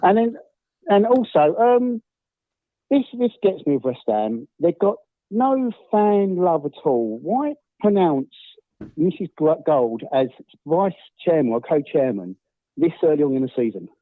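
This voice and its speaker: A man's voice: a little high, sing-song, a little slow. A man phoning in to a football fan show, asking earnest questions. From England. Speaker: caller. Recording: tinny phone line.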